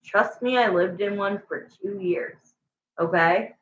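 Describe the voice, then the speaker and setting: Chatty woman tarot reader, slow and echoey. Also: medium pitch. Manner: chatty, emphatic and affectionate, with frequent "like" and "you know". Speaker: tarot reader hosting a livestream. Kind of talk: casual livestream chat with viewers. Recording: echoey room, dull lo-fi sound.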